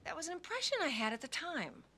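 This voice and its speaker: Casting: a defensive woman on trial, high bright voice, hesitant answers. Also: sing-song, quick pace, heavily acted. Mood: evasive. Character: woman on trial for two killings, evasive. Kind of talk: TV movie courtroom drama.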